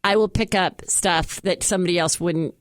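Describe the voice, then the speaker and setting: A woman from California's San Fernando Valley with a Valley girl accent, chatting quickly in an interview, saying "like" all the time and slipping into lively impressions. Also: on the low side, no room sound, studio quality. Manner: chatty, quick, says "like" a lot, animated impressions. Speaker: comedian guest. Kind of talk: casual interview chat.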